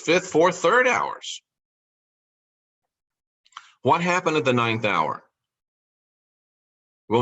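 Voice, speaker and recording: A man delivers a podcast monologue in a slightly high, sharp, forceful voice. He builds his case with rhetorical questions, repeats key phrases, and slows right down to lean on the words he wants to stress. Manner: rhetorical questions, emphatic repetition. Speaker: podcast host. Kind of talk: monologue on scripture.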